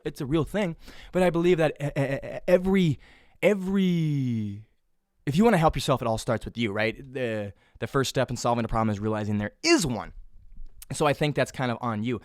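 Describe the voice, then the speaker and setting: Lively swearing young male podcaster. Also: medium pitch, dry recording, studio quality. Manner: rambling, swears casually, mocks his past self in a whiny voice. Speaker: podcast host. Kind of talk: casual solo podcast monologue.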